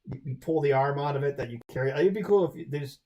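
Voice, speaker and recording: A man's voice: fairly high pitch, fast, dark tone, dull audio, slight background noise. A man hosting a charity livestream, answering viewer chat in a loose, rambling way with lots of fillers and restarts.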